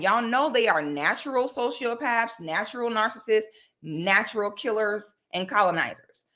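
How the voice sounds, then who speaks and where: Bright-voiced blunt woman vlogger. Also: medium pitch. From Florida. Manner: blunt, emphatic, says "okay?" often. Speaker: commentary vlogger. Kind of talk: casual direct-to-camera talk.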